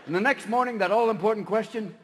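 A man from California doing a live stand-up routine on stage, talking manically and shouting as he jumps between silly voices. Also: sits high, fast talker, a little hiss or hum. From Marin County, California, USA. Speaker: stand-up comedian. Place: stage in a large theater. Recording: reverberant live hall with ambience.

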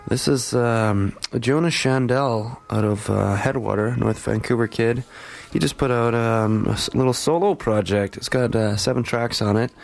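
A man's voice: mid-range voice, normal speed, gravelly, few pauses. A man hosting a morning show in a radio studio, casually back-announcing songs with lots of fillers. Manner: laid-back, rambling with many fillers. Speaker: radio host.

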